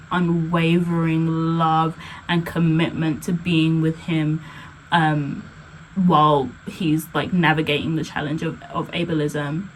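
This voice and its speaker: Woman, vlogger, lower-pitched voice, chatty, casual filler-heavy talk. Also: slight background noise, rough recording. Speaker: blogger and poet.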